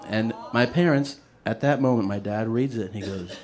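A man telling a comedic personal story casually, swearing and acting out quotes with big jumps in pitch. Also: moderate pace, hardly any pauses, a crowd in the background, background noise.

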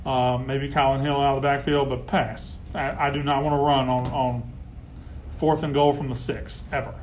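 A man hosting a casual live sports talk stream, heckling rivals and getting loud when riled. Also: medium pitch, little pitch movement, normal speed, a little hiss or hum. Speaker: sports show host.

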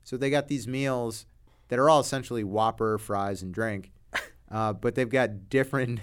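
A man's voice: mid-range voice, moderate pace, smooth. A man hosting a casual podcast chat, leading into topics and joking at his own expense. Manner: leads topics, self-deprecating. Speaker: podcast host.

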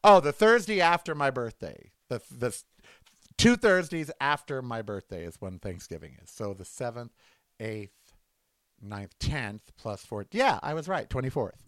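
A man's voice: mid-range voice, big pitch swings, unhurried, a bit bright, no echo. A man hosting a comedic rant monologue, sarcastic and mocking as he riffs at length. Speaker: host.

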